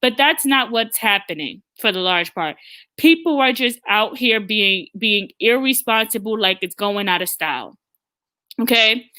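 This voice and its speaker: A woman's voice: mid-range voice, animated, unhurried, pushed and bright. A woman hosting an opinionated live talk stream, blunt and emphatic, often stammering and restarting her sentences. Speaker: host.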